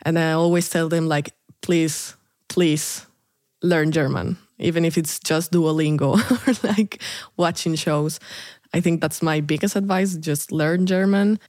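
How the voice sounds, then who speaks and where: A woman's voice: sits low, normal speed, darkish tone, no echo, clean studio sound. A Colombian-born woman in her twenties, a native Spanish speaker, chatting casually as a podcast guest, laughing often and using lots of fillers. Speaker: interview guest, international student. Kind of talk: casual interview chat.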